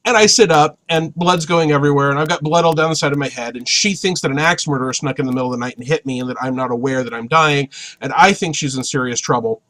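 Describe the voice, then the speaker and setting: A man telling a comic story about his own life in an animated, wry way. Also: a little high, fast. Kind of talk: comic personal anecdote.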